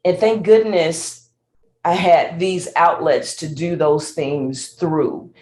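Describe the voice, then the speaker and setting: A middle-aged Southern woman tells her life story as an interview guest, her voice sitting on the low side for a woman. She acts out the voices of other people as she goes and laughs often. The sound is roomy, with audible echo. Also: steady tone, slow pace, darkish tone. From Mississippi. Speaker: guest, singer and speaker.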